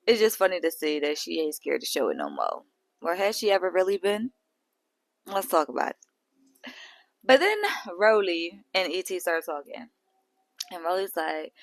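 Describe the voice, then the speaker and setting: A woman hosting a reality show recap, animated, gossipy and profane. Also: on the low side, moderate pace, pauses often. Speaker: host.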